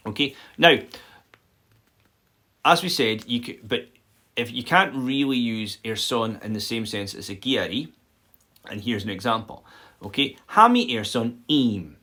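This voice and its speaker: A man teaching an informal live-streamed language lesson, chatty and explanatory, often checking in with "okay?" and filling pauses with "um". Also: medium pitch, expressive, pushed and bright. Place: home setup for a live stream. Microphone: phone or built-in mic.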